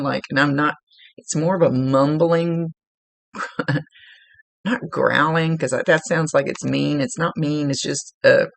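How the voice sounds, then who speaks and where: Gravelly-voiced woman giving a psychic reading. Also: low-pitched, no room sound. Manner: rambling, searching for words with restarts. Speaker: psychic medium. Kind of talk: spirit reading for a client.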